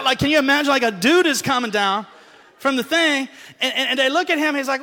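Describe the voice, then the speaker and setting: A man preaching a lively sermon in church, acting out Bible stories in casual, slangy talk. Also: very high-pitched, brisk, in a large hall. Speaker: pastor.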